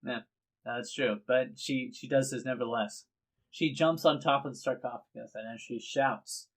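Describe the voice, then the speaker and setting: A man's voice: medium pitch, fairly even intonation, moderate pace, low-quality recording. A man acting as dungeon master, describing scenes unhurriedly and hesitating when improvising. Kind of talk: narrating a tabletop game.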